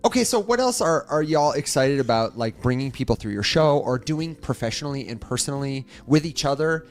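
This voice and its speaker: A man's voice: mid-range voice, soft background music. A man co-hosting a podcast, chatting casually with guests and acting out little exchanges as he tells stories. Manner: fast, animated storyteller acting out dialogue. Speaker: podcast co-host.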